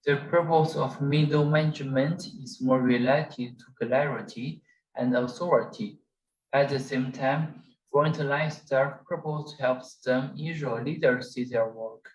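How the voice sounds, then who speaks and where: A young man, a student, reading out a scripted class presentation at a steady pace. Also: mid-range voice, a little slow, reverberant, poor audio.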